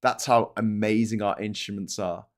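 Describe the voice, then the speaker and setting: A man's voice: fairly low pitch, steady tone, normal speed. A middle-aged British man hosting a casual live stream, rambling, swearing often and mocking himself as he reads comments and papers. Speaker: host.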